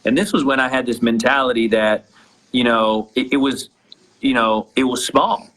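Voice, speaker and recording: A man at a middle pitch tells a personal story in a casual, animated way. He restarts often, repeating words as he goes. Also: moderate pace, rough recording. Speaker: guest entrepreneur.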